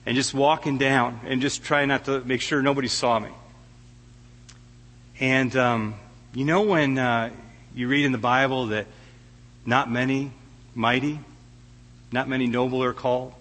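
A man's voice: mid-range voice, steady tone, unhurried, long pauses, fairly bright tone, long reverb tail. A middle-aged man preaching a heartfelt sermon as a guest preacher, often stammering and restarting his words. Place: church sanctuary.

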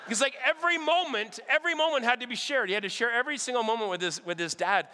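A man preaching a sermon, telling lively stories in an animated way and checking in with his listeners again and again. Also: very high-pitched, racing. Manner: animated, checks in with "all right?" often. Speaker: pastor. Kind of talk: storytelling sermon. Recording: long hall reverb.

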